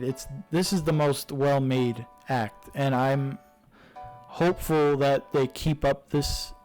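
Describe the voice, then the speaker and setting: Slow, rambling young man reviewing games. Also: mid-range voice, darkish tone, low-quality recording. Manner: rambling, hesitant, many fillers and restarts. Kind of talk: casual spoken review.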